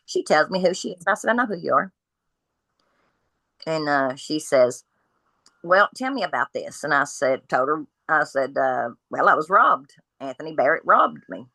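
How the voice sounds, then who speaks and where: A woman's voice: low-pitched, moderate pace, gravelly, no echo, rough recording. A woman, a podcast guest telling her story from home, bluntly acting out what each person said. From Kentucky. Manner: blunt, animated retelling of dialogue.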